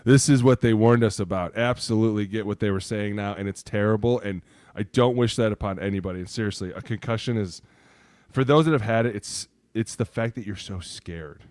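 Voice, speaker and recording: Animated former lineman telling stories. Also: fairly low pitch, a little fast, dry recording. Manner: animated storyteller, acts out quotes, says "right?" a lot. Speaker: podcast guest, former NFL offensive lineman. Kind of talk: casual sports chat.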